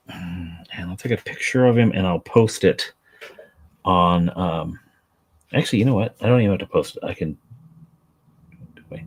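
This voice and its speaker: A man's voice: deep voice, breathy edge. A man chatting casually on a live stream while he paints miniatures, rambling, self-deprecating and talking to his dog.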